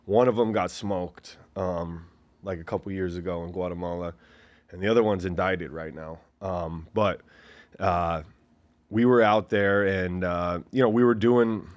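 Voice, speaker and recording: Low-voiced man telling a wild story. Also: fairly even intonation, measured pace. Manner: rambling, filler-heavy, acts out quoted voices. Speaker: guest, former fighter. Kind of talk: casual storytelling interview.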